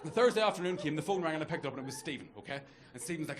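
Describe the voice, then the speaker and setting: A man's voice: a little high, lively intonation, racing. A man doing a chatty stand-up set, addressing the crowd with camp asides. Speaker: stand-up comedian. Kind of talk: stand-up routine. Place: comedy club with live audience. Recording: live club set, loud crowd laughter.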